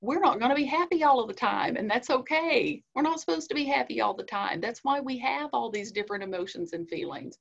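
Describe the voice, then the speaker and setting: A woman's voice: fairly high pitch, lively intonation, brisk, gravelly, hardly any pauses. A woman, a licensed counselor giving an earnest, conversational webinar talk on coping with feelings. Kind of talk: webinar presentation. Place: indoors, online webinar. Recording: muffled lo-fi audio.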